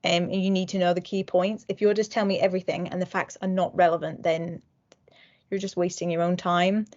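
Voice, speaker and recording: A woman's voice: lowish voice, little pitch movement, brisk, a little mellow. A young woman from a university mooting society giving a casual, frank training talk with frequent fillers. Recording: dull lo-fi recording.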